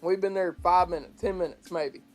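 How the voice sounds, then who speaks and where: A man's voice: high voice, steady tone, a little fast, a little mellow, soft background music. A man in his late twenties telling a hunting story in casual chat, acting out quotes and laughing often. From Georgia. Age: 20s. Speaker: guest.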